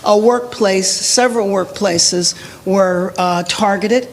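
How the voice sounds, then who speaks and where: Measured woman giving a public address. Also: medium pitch, slight background noise, poor audio. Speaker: city mayor at a press briefing.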